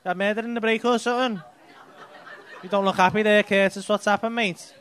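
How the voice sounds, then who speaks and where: Man, stand-up comedian, high bright voice, teasing crowd work, swears a lot, faint crowd noise. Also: steady tone, brisk. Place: comedy club stage with live audience. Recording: live club audience.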